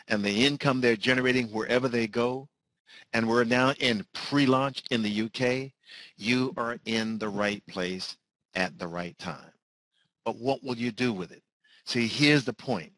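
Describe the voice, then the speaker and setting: A man presenting a sales webinar, talking fast and driving home the same point again and again. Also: a bit bright, no echo, poor audio. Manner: fast-talking, repetitive pitch.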